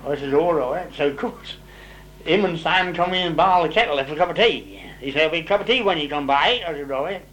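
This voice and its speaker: A man's voice: a little high, brisk, low-quality recording. An older man tells long farm stories in a rambling, casual way. He uses dialect grammar and acts out what other people said. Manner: rambling, dialect grammar, lively when voicing others' words. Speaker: interviewee telling old farm stories. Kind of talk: casual storytelling.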